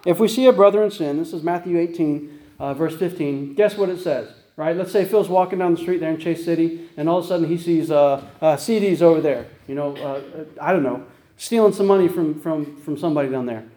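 Man, pastor, sermon, high voice, echoey room, keeps asking "right?". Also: brisk, mellow. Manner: conversational, repeats "right?" and "guess what?".

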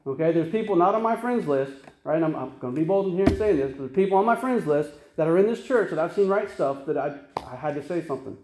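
A man's voice: fairly high pitch, animated, fast talker, few pauses, a little mellow, reverberant, slight background noise. A man preaching a sermon as pastor, earnest and conversational, with frequent restarts and tag questions.

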